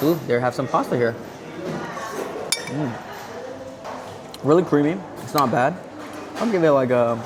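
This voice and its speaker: A man vlogging a casual food review at a hotel buffet, chatting as he tastes and humming contentedly between bites. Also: medium pitch. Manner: chatty, savoring each bite with contented hums. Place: indoor hotel buffet restaurant. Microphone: camera-mounted shotgun mic.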